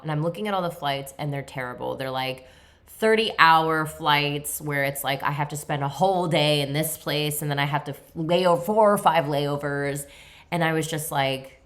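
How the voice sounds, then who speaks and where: A woman in her thirties with a low voice tells a story on her podcast. Her talk is loose and chatty, full of filler words and self-mocking laughs. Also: normal speed, fairly bright tone. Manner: chatty, heavy on fillers like "like" and "you know", laughs at herself. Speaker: podcast host. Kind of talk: casual storytelling monologue.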